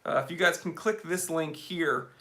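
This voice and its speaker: A man's voice: fairly high pitch, normal speed, pushed and bright. A man hosting a casual live stream, chatting upbeat and reading out viewer comments with lots of fillers.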